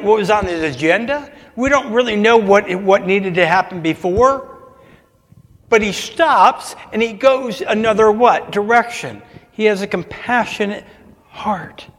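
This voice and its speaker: A man's voice: sits high, a bit bright, long reverb tail. A man preaching a sermon as pastor, asking the congregation call-and-response questions.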